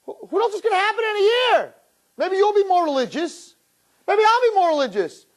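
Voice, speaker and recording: A man's voice: extremely high pitch, very animated, a little fast, pitched above the performer's own voice. A man voicing an evasive young man who stammers and hedges to dodge commitment. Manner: stammering, hedging.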